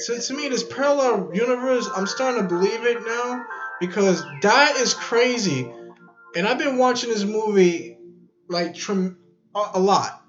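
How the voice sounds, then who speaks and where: Man vlogger, rambling musing delivery, echoey room. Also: high-pitched. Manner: rambling, musing, repeats himself. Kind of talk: casual chat to camera. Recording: echoey room, dull lo-fi sound.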